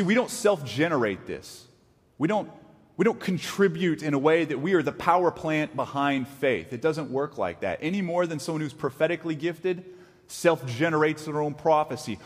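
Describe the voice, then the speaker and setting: A middle-aged man preaching a sermon in a conversational, animated way, acting out short quotes as he teaches. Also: a little high, husky, big-room sound. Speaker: pastor.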